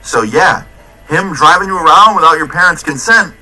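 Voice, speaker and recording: A man's voice: on the high side, lively intonation, normal speed, bright, forceful tone, faint music behind, voice pushed up, exaggerated voice, low-quality recording. A man voicing a stern middle-aged male police chief who lectures with authority. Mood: lecturing.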